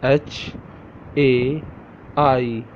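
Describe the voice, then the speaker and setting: A man's voice: medium pitch, flat delivery, drawn-out words. A man teaching a pronunciation lesson step by step, spelling words letter by letter and repeating them for the listener. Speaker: language teacher. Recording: dull lo-fi recording with faint noise.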